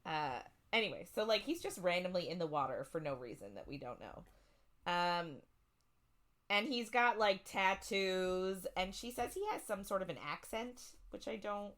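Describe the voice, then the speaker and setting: A woman's voice: lowish voice, expressive, normal speed, a bit bright. A woman co-hosting a casual book podcast, retelling the plot in a rambling way full of "like" and "um". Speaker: podcast co-host.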